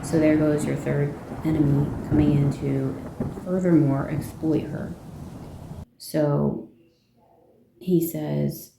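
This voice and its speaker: A woman's voice: sits low, little pitch movement, takes it slowly, vocal fry, echoey room, loud music behind the voice. A woman casually retelling a fairy tale from her notes. She rambles, asks rhetorical questions and gives her opinions along the way. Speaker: vlogger.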